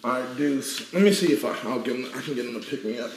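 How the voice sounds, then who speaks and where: A man's voice: medium pitch, quick pace, reverberant, slight background noise. A man, a guest athlete, chatting casually on a live stream from home, playfully coaxing his dogs. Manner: playful, calls and coaxes his dogs in rising tones.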